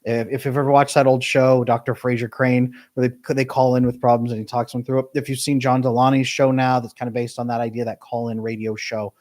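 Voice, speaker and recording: A middle-aged man, a relationship coach, talking to his live stream audience with emphatic, jumpy pitch on key words. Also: little pitch movement, fairly quick, few pauses, darkish tone. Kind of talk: live stream talk to chat.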